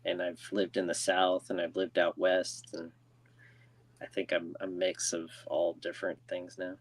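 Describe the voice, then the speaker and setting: A man co-hosting a podcast, chatting casually in a relaxed, agreeable way and laughing easily. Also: low-pitched, a little slow, breathy edge, dry recording. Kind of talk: casual chat.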